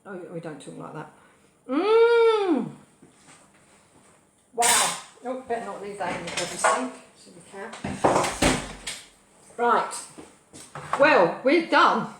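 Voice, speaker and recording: A British woman hosting a live cooking show from her kitchen, rambling cheerfully with cheeky asides and loud whoops. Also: mid-range voice, animated, unhurried, very noisy. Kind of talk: chatty live cooking stream. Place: home kitchen. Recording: echoey kitchen with clattering dishes.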